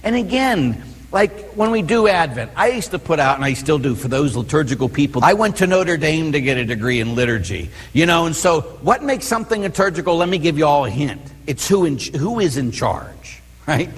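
Brief: male priest, teaching sermon, lively swooping delivery, slightly raspy, long hall reverb. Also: a little high, fairly quick. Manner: conversational, keeps checking the listeners follow. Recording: long reverb in a large room.

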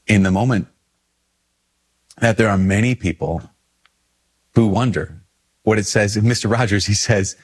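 A man, a priest, talking casually on video, animated and self-deprecating. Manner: animated, self-deprecating, jumps in pitch for quoted asides.

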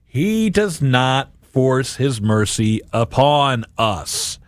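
A man's voice: medium pitch, sing-song, very slow, no room sound. A man hosting a daily gospel reflection, talking earnestly and directly to his listeners and often repeating words as he goes.

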